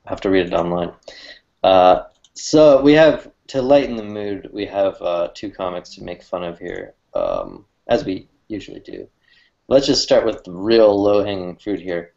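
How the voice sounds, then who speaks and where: A man with a fairly low voice talks in a loose, rambling way, often stopping to restart his sentences. He laughs easily between thoughts. The audio sounds dull and lo-fi, like an online call. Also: animated, moderate pace, vocal fry, a little mellow. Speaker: cartoonist co-host. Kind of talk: casual chat.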